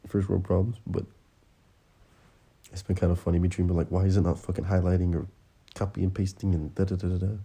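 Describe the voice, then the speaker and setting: Male streamer, gravelly and husky, rambling and profane, some asides whispered. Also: low-pitched, level tone, fast, dark tone. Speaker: livestream host. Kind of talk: casual livestream chat. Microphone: tablet or phone mic.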